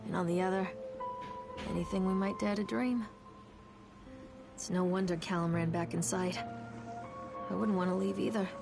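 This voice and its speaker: Gravelly worried mom in a horror game, voiced by a woman, music behind. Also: medium pitch, steady tone, moderate pace, long pauses, natural voice. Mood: wistful. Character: worried young mother searching a closed park. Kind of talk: game voice acting.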